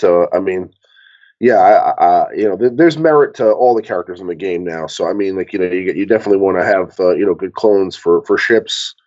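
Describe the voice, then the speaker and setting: A man's voice: low-pitched, a little mellow, lo-fi sound. A man on a casual live Q&A panel, rambling with many stammered restarts. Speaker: panel guest.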